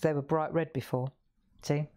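This craft show host's voice is low-pitched, mellow and steady, moving at a normal speed. During her live coloring demonstration she chats, asks viewers questions and laughs frequently.

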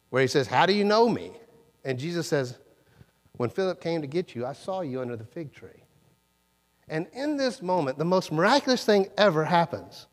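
A man preaching a sermon in a conversational way, acting out quoted lines with sudden jumps in pitch. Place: church sanctuary. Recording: long church reverb.

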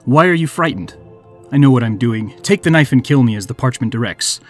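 A man's voice: medium pitch, lively intonation, brisk, soft background music, natural voice. A man voicing a defiant, cunning male sorcerer who talks in a haughty, commanding way in a storytelling podcast.

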